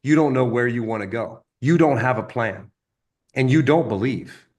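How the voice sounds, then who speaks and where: A man giving an energetic motivational sales training talk, acting out stories with quoted voices. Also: mid-range voice, moderate pace.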